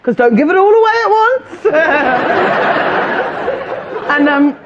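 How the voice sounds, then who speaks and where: A woman's voice: high voice, animated, drawn-out words, over a noisy crowd, heavy background noise. Giggly self-mocking woman comedian. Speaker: comedian guest. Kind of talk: comic confessional chat. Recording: dull TV sound with audience.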